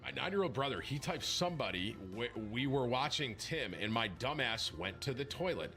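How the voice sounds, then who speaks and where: A man's voice: mid-range voice, sing-song, moderate pace, pushed and bright, soft background music. A man live-streaming a game, reading viewers' messages aloud in a mocking way.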